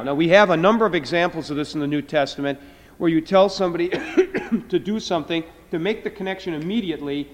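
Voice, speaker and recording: A middle-aged professor lectures to a class, stretching his words and restarting as he explains. His voice sits high for a man. The sound carries a long reverb from a lecture hall. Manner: explains slowly, drawing out words, with filler restarts. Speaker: Greek professor.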